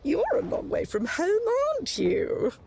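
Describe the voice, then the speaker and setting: Patronizing noble lady in a game, high and gravelly, wildly lilting delivery. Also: huge pitch swings, unhurried, a little mellow, a little hiss or hum, heavily acted. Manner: patronizing, sing-song, calls people darling. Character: condescending aristocratic court lady. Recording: game audio with music behind.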